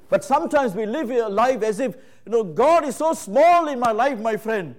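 Emphatic male preacher with a high voice, repeats himself, swings from loud to hushed. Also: animated, normal speed, hardly any pauses. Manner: emphatic, swings between loud exclamations and hushed low passages; repeats phrases, addresses listeners as friends. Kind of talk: sermon.

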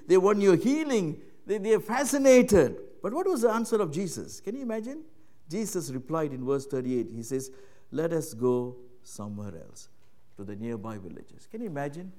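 Full of "you know" and "right?", this man's sermon sounds like a conversation, swinging from hushed and low to loud and raised.

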